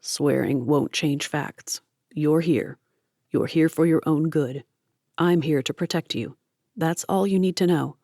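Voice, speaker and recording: A woman reading an audiobook, voicing a calm, stern male captor who speaks in flat, clipped, firm sentences. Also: deep voice, unhurried, no room sound, studio quality.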